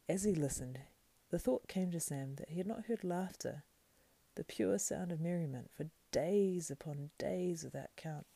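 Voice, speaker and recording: A woman reads a fantasy story aloud, slow and hushed, slipping often into breathy whispers. Her voice is very low and dark with a gravelly creak. The sound is close and dry. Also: no echo. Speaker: reader. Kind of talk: soft, partly whispered fantasy book reading.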